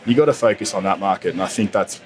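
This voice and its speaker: A man's voice: low-pitched, fast talker, slight background noise. Laid-back Australian man telling rugby stories. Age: 30s. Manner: laid-back storyteller, says "mate" a lot, laughs mid-story. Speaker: podcast guest, rugby player. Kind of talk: casual podcast chat.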